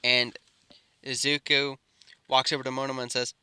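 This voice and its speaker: A young man improvising a fan-fiction story, rambling and halting with many restarts. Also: mid-range voice, little pitch movement, pushed and bright, smooth, dry recording, clean studio sound.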